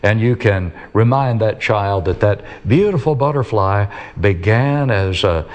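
A man preaching a sermon who stresses key words and lets his phrase ends fall low. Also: a little slow.

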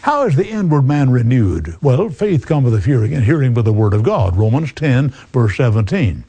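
Older guy preaching, says friend a lot, quotes old bible verses, mellow voice. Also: mid-range voice, sing-song, normal speed, husky. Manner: earnest, quotes scripture in King James wording; folksy, addresses listener as friend. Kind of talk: radio sermon.

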